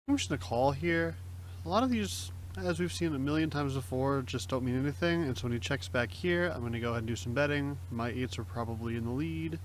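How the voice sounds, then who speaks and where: A young streamer chats casually about his online poker hands, mocking himself and explaining his plays aloud. His medium-pitched voice is a little fast, and the poor audio carries a little hiss or hum.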